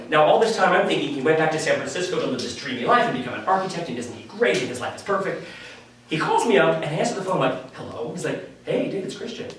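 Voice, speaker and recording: A man telling a personal story at a live story slam, candid and animated, laughing often. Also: fairly high pitch, a little hiss or hum. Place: live venue stage. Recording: echoey room from a distant mic.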